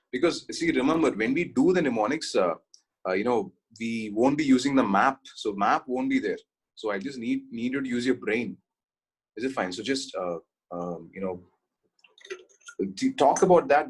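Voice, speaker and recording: A man's voice: medium pitch, a little fast, breathy edge. A man teaching an exam-prep class, telling stories and often checking that students follow. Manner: storytelling with frequent check-ins. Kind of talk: online exam-prep lecture.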